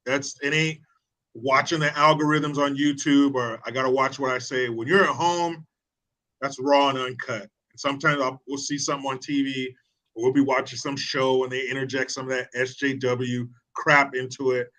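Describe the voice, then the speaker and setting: Guy on a podcast, bright sharp voice, laughs a lot, jokes about his wife. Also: medium pitch, level tone, moderate pace. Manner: laughing, teasing, quotes himself in a raised voice. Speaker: podcast guest. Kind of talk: casual chat.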